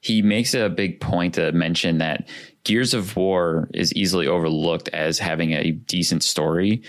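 A man's voice: low-pitched, fairly even intonation, measured pace. A man co-hosting a podcast in easygoing casual chat over a video call, rambling a bit with "like". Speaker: podcast co-host.

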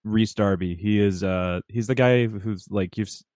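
A man's voice: on the low side, moderate pace, darkish tone, no echo, clean studio sound. A man guesting on a video game podcast, chatting casually. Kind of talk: casual chat.

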